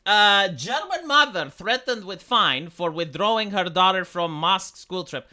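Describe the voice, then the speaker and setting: High, bright-voiced male streamer. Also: expressive, unhurried. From Romania. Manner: sarcastic, rambling with many fillers. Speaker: live stream host. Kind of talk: casual political commentary.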